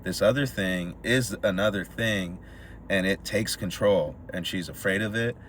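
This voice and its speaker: A man with a low voice and measured delivery co-hosts a podcast, chatting casually through a movie recap. He brings the story to life by voicing the characters' lines, over a bit of background noise.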